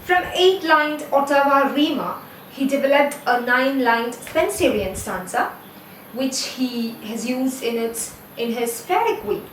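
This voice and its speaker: High-voiced Indian woman lecturing in an echoey room. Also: a little hiss or hum. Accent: Indian English. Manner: explanatory, steady, with occasional self-corrections. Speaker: English literature lecturer. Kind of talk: recorded lecture video. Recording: echoey room, voice from a distance, faint ambience.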